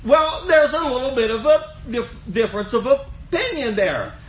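A man's voice: extremely high pitch, lively intonation, normal speed, fairly bright tone, reverberant, low-quality recording. An older man, preaching a sermon in a folksy storytelling way that builds to fervent emphasis.

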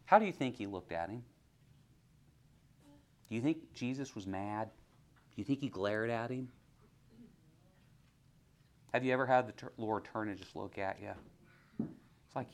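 A man with a voice on the low side preaches a sermon unhurriedly, leaving long pauses. He asks the congregation questions and swings between hushed near-whispers and loud, rising exhortation.

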